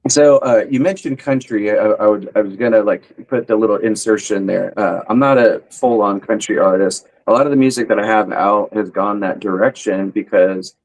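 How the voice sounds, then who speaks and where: A man, a musician guest in a casual interview, talking haltingly and repeating words. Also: on the low side, low-quality recording.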